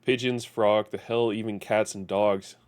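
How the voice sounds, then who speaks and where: A sneering gangster from a crime video game, read aloud by a man in a low voice. He taunts and threatens a shopkeeper with slow, mocking menace. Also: fairly even intonation, a little mellow, smooth, lightly acted. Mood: taunting. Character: menacing male gangster extorting a chef.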